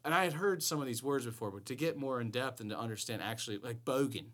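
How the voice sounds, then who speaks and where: A man's voice: mid-range voice, quick pace. A man from Georgia in the US, co-hosting a podcast in crude, playful banter. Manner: animated, profane, playful jokey delivery. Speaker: podcast co-host.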